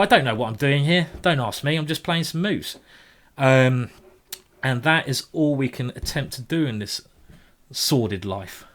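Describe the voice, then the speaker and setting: A man's voice: mid-range voice, fairly bright tone. Self-mocking British man streaming chess. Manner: self-mocking, joking, thinks aloud with many repeats. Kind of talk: casual live-stream commentary.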